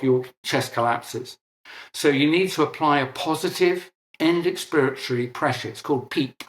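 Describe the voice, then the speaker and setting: An older British man explaining technical matters earnestly in an interview, often restarting words. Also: medium pitch. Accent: British English. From Britain. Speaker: interviewed scientist. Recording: echoey room.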